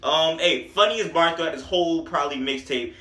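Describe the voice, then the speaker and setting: A man's voice: on the high side, a little fast, sharp tone, echoey room. A man giving a casual, profane and joking music review.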